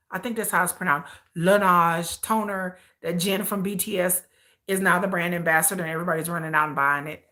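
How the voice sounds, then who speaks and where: A woman's voice: medium pitch, sharp tone. An American woman hosting a casual livestream, ranting with disbelief and mocking the people she reacts to. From United States. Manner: outspoken, incredulous ranting with mocking mimicry. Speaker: live-stream host reacting to a reality show.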